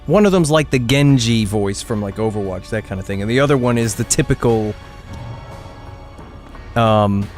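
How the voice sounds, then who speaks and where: A man's voice: fairly low pitch, moderate pace, long pauses, faint music behind. A man chatting casually while streaming a game, rambling and restarting his sentences. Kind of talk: casual gameplay commentary.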